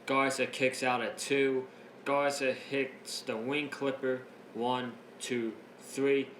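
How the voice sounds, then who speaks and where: Excitable, laughing man recapping a wrestling show. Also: mid-range voice, slow, a little hiss or hum. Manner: laughs often, breaks up while retelling; excitable, rambling, with restarts. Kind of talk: casual recap. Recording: roomy echo, faint ambience.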